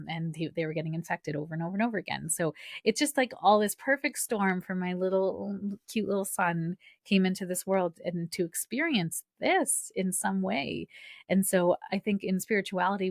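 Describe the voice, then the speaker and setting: A woman's voice: on the low side, dry recording, studio quality. A woman hosting a spiritual podcast, telling a personal story in a chatty, casual way with lots of fillers and restarts. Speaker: podcast host.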